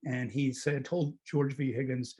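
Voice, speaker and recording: A middle-aged male film critic leading a relaxed film club talk. His voice is husky and mid-pitched, and he wanders through his points with pauses and self-corrections. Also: low-quality recording. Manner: discursive, hesitant, self-correcting. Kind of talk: casual film discussion.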